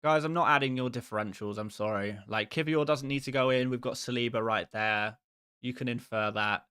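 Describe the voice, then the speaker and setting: A man's voice: medium pitch, fairly quick, pushed and bright, smooth, no echo. A man hosting a live stream who chats casually with his viewers in a rambling, exasperated and self-mocking way.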